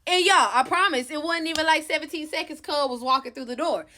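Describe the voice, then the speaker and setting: A woman's voice: high voice, fast, sharp tone. A young adult woman candidly telling her own story to viewers, swearing freely and calling on her audience. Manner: candid, profane, addresses viewers directly. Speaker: storytime vlogger. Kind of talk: casual storytelling.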